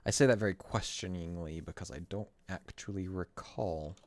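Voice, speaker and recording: A man's voice: deep voice, normal speed, dry recording. A man streaming a game, talking through his moves in a rambling, wry, self-correcting way at his desk microphone. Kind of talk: casual gameplay commentary.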